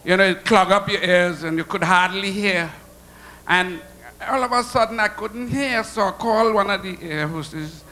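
A man with a Trinidadian accent telling stand-up jokes on stage, animated and laughing at his own punchlines. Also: high-pitched, moderate pace, a little hiss or hum. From Trinidad and Tobago. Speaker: stand-up comedian. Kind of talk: stand-up comedy storytelling. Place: comedy show stage.

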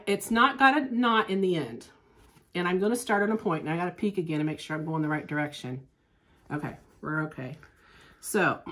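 Chatty woman teaching hand sewing. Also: fairly low pitch. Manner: chatty, homespun, thinks aloud while working. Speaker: quilting teacher. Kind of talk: hands-on sewing demonstration. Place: sewing shop classroom.

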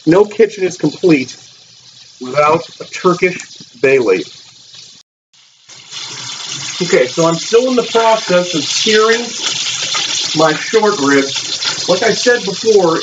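A man's voice: sits high, a little slow. A man hosting a casual cooking demonstration in a home kitchen, chatty and explaining each step. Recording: lo-fi with running water noise.

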